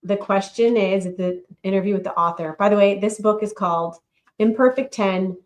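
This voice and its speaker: A woman co-hosting a podcast in casual chat, talking in an unhurried, chatty way and reading passages aloud. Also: medium pitch. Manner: chatty, unhurried, reads aloud from her own book. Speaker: podcast co-host.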